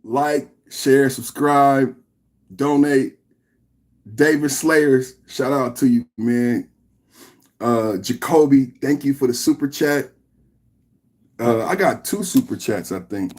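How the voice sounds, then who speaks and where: A man's voice: mid-range voice, slow pace, pauses often. A man hosting a live-stream reaction podcast, chatting loosely and teasing in a mocking, profane way. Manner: loud, mocking, profane banter. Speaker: podcast host.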